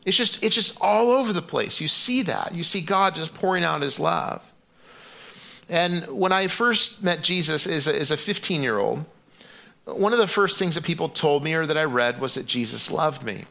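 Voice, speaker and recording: A man's voice: fairly high pitch, normal speed, vocal fry, pushed and bright. A middle-aged man preaching a sermon in a loose, conversational way, with frequent restarts and fillers. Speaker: pastor.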